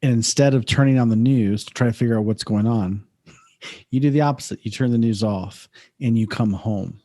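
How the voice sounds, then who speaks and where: A man's voice: mid-range voice, normal speed, warm tone. A man hosting a podcast, talking in a reflective, affirming way. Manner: affirming, reflective, often says "beautiful". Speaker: podcast host. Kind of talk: conversational podcast interview.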